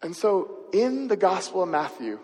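A man's voice: high voice, big pitch swings, moderate pace, darkish tone, husky, in a large hall. A man preaching a sermon and telling a personal story in a conversational way, often asking his listeners questions. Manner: conversational, asks the audience questions. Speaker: pastor.

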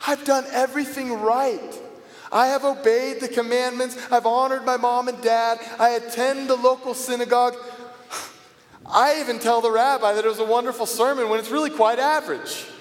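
Slow high-voiced man in an echoey hall. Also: flat delivery. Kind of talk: dramatic first-person biblical monologue. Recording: echoey hall with long reverb.

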